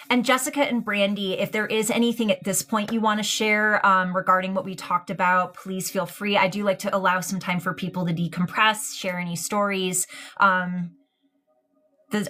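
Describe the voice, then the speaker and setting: Affectionate, halting woman medium. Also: mid-range voice, fairly even intonation, sharp tone. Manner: hesitant, full of ums and likes, affectionate. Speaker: psychic medium. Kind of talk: live-streamed mediumship reading.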